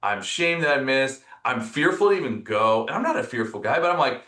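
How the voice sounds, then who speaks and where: A man's voice: medium pitch, brisk, reverberant. A man talking reflectively as a podcast guest, telling stories and voicing others' words with animation. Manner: reflective, storytelling, animated when quoting others. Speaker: podcast guest, company executive. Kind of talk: casual conversational interview.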